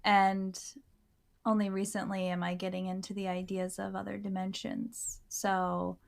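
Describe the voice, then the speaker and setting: A woman co-hosting a podcast in an unhurried, thoughtful way. Her voice has a gravelly fry, and she talks slowly and hesitantly, pausing to find her words. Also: medium pitch, level tone. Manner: hesitant, thinks aloud with pauses. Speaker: podcast co-host. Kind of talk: casual chat.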